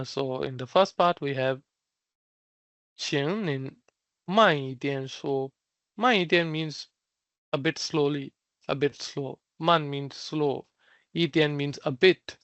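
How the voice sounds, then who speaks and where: A man teaching Mandarin phrases in an online lesson, explaining each word slowly with many fillers and restarts. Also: medium pitch, dry recording, dull audio.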